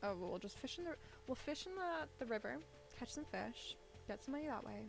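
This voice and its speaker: Female game streamer, chatty and rambling, slight gravel in the voice. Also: a little high, lively intonation, a little fast, soft background music. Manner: chatty, rambling, thinks out loud with little laughs. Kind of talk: casual gameplay commentary. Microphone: desk microphone set low.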